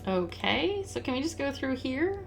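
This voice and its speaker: A woman hosting a let's-play, chatting casually and reading game text aloud in a relaxed, amused way. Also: high voice, normal speed, gravelly, soft background music. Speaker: host.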